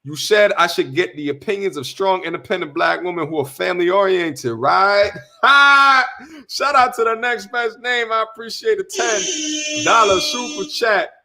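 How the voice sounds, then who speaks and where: A young man hosts a casual livestream, talking animatedly and reading viewer messages aloud. His voice sits fairly high and sounds bright and forceful. He repeats himself often and drops slangy shout-outs. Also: lively intonation, normal speed, a little hiss or hum. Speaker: livestream host.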